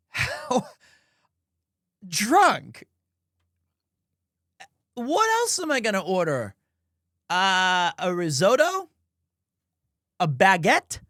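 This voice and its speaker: A man's voice: high-pitched, dry recording, studio quality. Rambling, self-mocking male streamer. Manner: rambling, self-deprecating, lively. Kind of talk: casual storytelling on a livestream.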